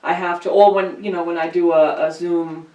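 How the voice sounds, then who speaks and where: A woman's voice: flat delivery, normal speed, mellow, distant mic, muffled recording. Playful woman host, echoey room. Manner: playful, imitates her dog in a squeaky voice. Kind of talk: casual chat.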